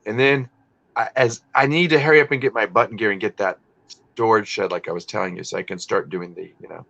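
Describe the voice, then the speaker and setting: A man chats casually as he hosts a live stream, talking in loose, rambling runs that break off mid-thought and swearing without care. His voice is bright and forceful, and it comes through dull, lo-fi stream audio. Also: lowish voice, fairly quick, creaky. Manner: rambling, self-interrupting, swears freely. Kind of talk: casual chat while working.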